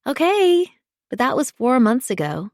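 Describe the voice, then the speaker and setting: A woman voicing a blunt, teasing female friend in an audiobook, talking frankly in a higher voice. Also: big pitch swings, measured pace, no echo, studio quality, full character voice. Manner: frank, teasing, raised pitch.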